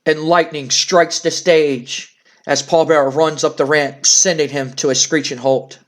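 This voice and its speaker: A man's voice: fairly high pitch, steady tone, unhurried. A man dramatically narrating a wrestling simulation playthrough, play-by-play style. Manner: storytelling play-by-play, hyping announcements. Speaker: game narrator.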